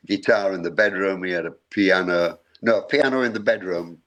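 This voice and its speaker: A man's voice: low-pitched, normal speed, fairly bright tone, low-quality recording. Older man telling studio stories. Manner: rambling anecdotes with repeated words and frequent laughs. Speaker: musician guest. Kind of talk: casual interview storytelling.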